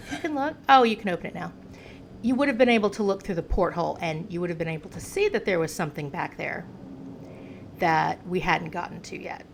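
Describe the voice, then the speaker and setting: A woman's voice: medium pitch, creaky, slight background noise. An American woman giving chatty gameplay commentary, talking to the game's hero the way she talks to a pet. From United States. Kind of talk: casual game commentary.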